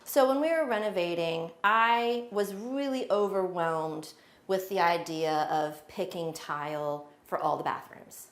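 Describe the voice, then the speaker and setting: Chatty woman giving a house tour. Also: on the low side. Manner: chatty and friendly, with frequent fillers. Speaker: homeowner giving a home tour. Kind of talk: casual home tour chat.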